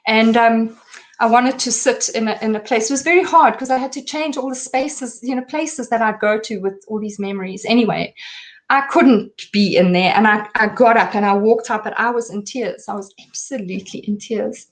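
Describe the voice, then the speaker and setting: A middle-aged woman speaking as an interview guest, telling a personal story in an emotional, halting way with many restarts. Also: a little high.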